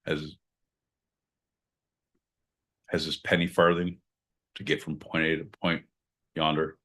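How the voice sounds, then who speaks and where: A man's voice: very deep voice, flat delivery, normal speed, pushed and bright. A man hosting a comedy podcast, riffing on absurd bits in profane, improvised banter. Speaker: podcast host.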